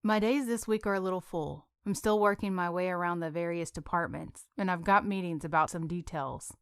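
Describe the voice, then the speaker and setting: A woman's voice: fairly low pitch, steady tone, clean tone, no room sound, clean studio sound, natural voice. A woman voicing a nervous, polite young man who hesitates as he talks, in a storybook reading. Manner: hesitant, halting when nervous.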